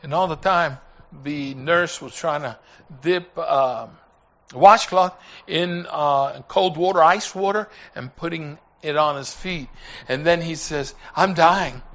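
Male preacher, high bright voice, slow deliberate delivery, pleading, swings from hushed to shouting. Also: lo-fi sound. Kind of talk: sermon with a personal story.

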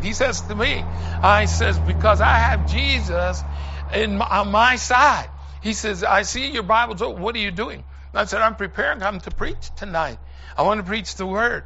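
A man preaching a sermon, telling a personal story and building to shouted emphasis, recorded with a dull lo-fi sound. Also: sits high, normal speed, gravelly, a little hiss or hum.

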